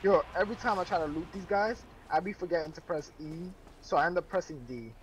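A man's voice: fairly high pitch, quick pace. A young man playing a co-op game with a friend, laid-back and swearing casually. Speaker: co-op player. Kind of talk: casual gaming chat. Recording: noisy stream audio.

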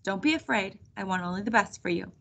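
A woman's voice: medium pitch, expressive, quick pace, vocal fry, fairly bright tone. A woman reading aloud voices a scheming, sly older female witch who hisses and wheedles. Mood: coaxing. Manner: hissing, wheedling.

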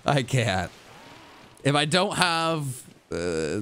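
Young man, livestream commentary, lively swooping pitch, slow unhurried delivery, goofy self-mocking tone, faint background noise. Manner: animated, self-mocking, swings between hyped streamer voice and glum mutters. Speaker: streamer.

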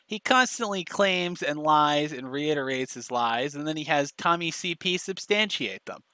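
A man's voice: on the high side, expressive, moderate pace, pushed and bright, no echo. A man giving casual, sarcastic commentary, telling mocking stories and swearing freely. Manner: sarcastic, mocking storytelling with profanity. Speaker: commentary YouTuber.

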